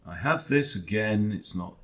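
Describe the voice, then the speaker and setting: A man's voice: on the low side, lively intonation, normal speed, fairly bright tone. A man, a chess coach, thinking aloud during an online game in a wry, self-deprecating way, often muttering to himself.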